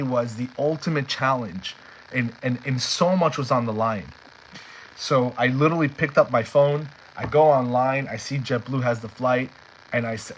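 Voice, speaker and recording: A man's voice: medium pitch, a little hiss or hum, rough recording. A man telling a heartfelt personal story in an earnest way, often repeating himself when stirred. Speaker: storyteller sharing a personal journey.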